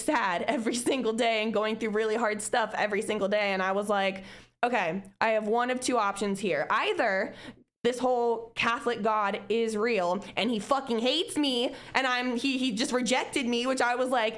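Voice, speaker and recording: A woman's voice: fairly high pitch, normal speed. A young woman co-hosting a podcast, speaking candidly in casual chat, swearing freely and acting out her past self with laughs. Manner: candid and profane, laughs between remarks; lively, acts out her past self in quotes. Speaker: podcast co-host.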